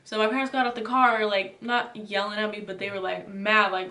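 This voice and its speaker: A young woman tells a storytime in a loose, chatty way, full of filler words. Her voice sits at an ordinary pitch for a woman. The recording has a roomy echo and she sounds set back from the mic. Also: normal speed, bright, forceful tone, far from the mic. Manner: chatty, filler-heavy retelling with lots of "like" and "you know". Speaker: vlogger. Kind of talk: casual storytime.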